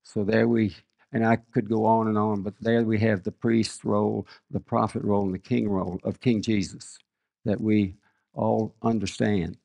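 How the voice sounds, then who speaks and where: A man's voice: on the low side, level tone, normal speed, vocal fry, warm tone. An older man preaching a sermon, reading scripture aloud and telling earnest stories about his own family. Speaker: guest preacher. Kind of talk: sermon with personal storytelling.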